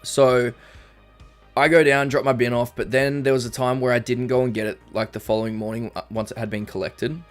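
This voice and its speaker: A man's voice: mid-range voice, little pitch movement, a little fast. A young Australian man casually chatting on a live stream, rambling and reading chat messages aloud. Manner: rambling, reads chat aloud, frequent ums. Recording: faint background music.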